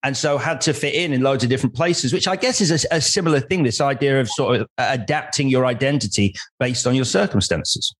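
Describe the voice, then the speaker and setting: A man from Leeds with a mostly neutral English accent, hosting an interview and chatting in an animated, jokey way with rambling asides. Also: medium pitch, fairly quick, hardly any pauses. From Leeds, England. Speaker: interviewer, host. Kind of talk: casual interview chat.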